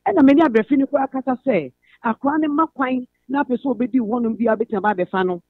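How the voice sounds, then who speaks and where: A woman's voice: high-pitched, fast, slightly rough, no echo. Ghanaian woman caller on a tinny phone. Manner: earnest, recounting family troubles at length. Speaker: radio caller. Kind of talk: phone-in personal story, code-switching. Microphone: telephone. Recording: tinny phone line, dry.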